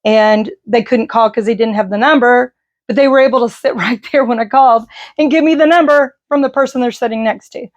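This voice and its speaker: Middle-aged woman, higher voice, rambling emotional storytelling, dull lo-fi sound. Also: brisk. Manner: rambling, emotional, with many fillers. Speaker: vlogger. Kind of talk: personal storytelling to camera. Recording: slightly dull lo-fi audio.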